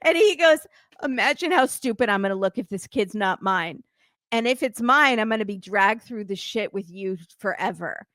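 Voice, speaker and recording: A woman in a mid-range voice recaps a reality TV episode with animated storytelling, slipping into quoted lines as she goes. The sound is dry and close-miked. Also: mid-range voice, moderate pace, no echo. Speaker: podcast guest.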